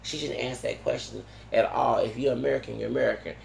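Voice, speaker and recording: A man with a heavily gravelly voice talks on in a digressive, loose monologue. He keeps restarting his sentences and tacking on "okay?" as he goes. The sound is roomy and echoey, with faint ambience underneath. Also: mid-range voice, steady tone, quick pace, darkish tone, a little hiss or hum. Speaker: vlogger. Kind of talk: rambling monologue.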